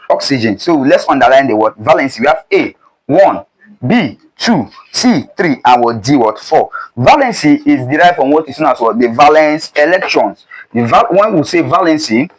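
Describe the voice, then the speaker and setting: A man's voice: mid-range voice, rough recording. A young man teaching a chemistry exam prep lesson. He keeps prompting with "what?" before each answer, in a call-and-response way. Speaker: chemistry tutor.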